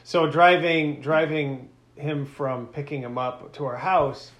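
A man's voice: a little high, fairly even intonation, takes it slowly, fairly bright tone. Man telling stories in an echoey room. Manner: rambling anecdotal storytelling, swears casually. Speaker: podcast co-host. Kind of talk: casual chat.

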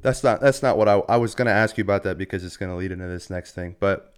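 A man's voice: low voice, fast, clear, resonant tone. A young man hosting a podcast, casually teasing and questioning his friend. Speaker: podcast host. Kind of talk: casual chat.

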